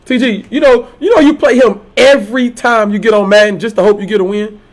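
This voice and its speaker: A man's voice: high voice, fairly even intonation, a little fast. A man live-streaming a video game, talking loosely in slang and trash-talking other players. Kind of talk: casual live-stream chat.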